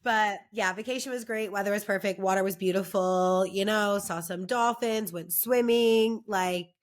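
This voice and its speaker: A woman's voice: medium pitch, moderate pace. A young adult woman co-hosting a podcast, chatting casually and telling stories with lots of fillers, her voice worn from lack of sleep. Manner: chatty, storytelling, says like a lot. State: lost her voice from not sleeping. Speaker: podcast co-host. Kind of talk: casual chat.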